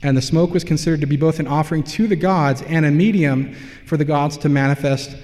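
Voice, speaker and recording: A man's voice: fairly high pitch, steady tone, brisk, a little mellow. A man giving an academic slide lecture, explaining things step by step with casual asides. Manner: explanatory, loosely conversational with asides. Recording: long hall reverb.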